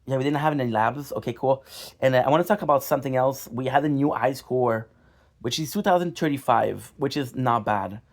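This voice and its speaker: Annoyed swearing male gaming vlogger, gravelly. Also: medium pitch, fairly quick. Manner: frustrated, swearing, repeats himself; apologetic to viewers. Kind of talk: casual vlog talk to viewers.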